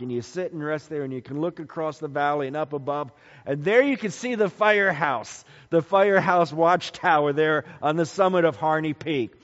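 A man preaching a sermon as a pastor, telling stories and building emphasis through repetition. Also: on the high side. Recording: dull lo-fi recording with long hall reverb.

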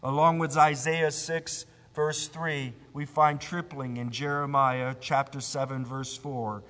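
A man preaching a sermon, emphatic, rising to loud cries and sinking to a low hush. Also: level tone, slow pace, in a large hall.

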